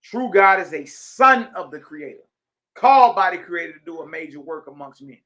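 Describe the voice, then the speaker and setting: A man's voice: high voice, expressive, normal speed, pushed and bright. A man, teaching a religious lesson in a conversational, emphatic preaching style, reading passages aloud and commenting on them. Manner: emphatic, conversational preaching with call-outs to listeners.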